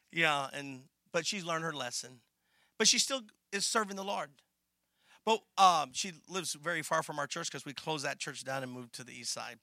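Bright, high-voiced preacher telling a story. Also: male voice, no echo, studio quality. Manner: animated storytelling, acts out dialogue, laughs, gets loud and emotional. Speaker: pastor. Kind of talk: sermon.

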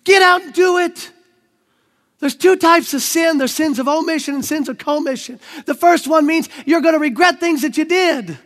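A man preaching to young people, energetic and slangy, often breaking into shouts. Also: extremely high pitch, moderate pace. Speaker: youth preacher. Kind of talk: sermon.

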